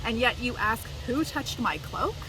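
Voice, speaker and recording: A woman's voice: fairly high pitch, takes it slowly, pushed and bright. Exasperated disciples, as a woman puts them on. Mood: incredulous. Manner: incredulous questioning. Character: puzzled disciples, grown men, a bit exasperated. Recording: distant mic, traffic noise.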